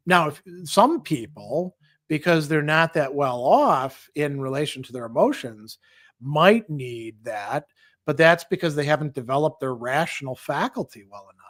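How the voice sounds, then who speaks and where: Middle-aged male professor, casual lecturer, slightly high voice, dry close-mic read. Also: no room sound. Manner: conversational, acts out angry quotes in character. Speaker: philosophy professor teaching an online class. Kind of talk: casual lecture answering class questions.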